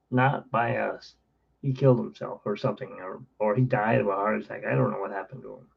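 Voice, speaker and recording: Gravelly husky man rambling casually. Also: fairly low pitch, fairly even intonation, normal speed, muffled recording. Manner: storytelling, blunt and wry. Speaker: channel host playing keyboard.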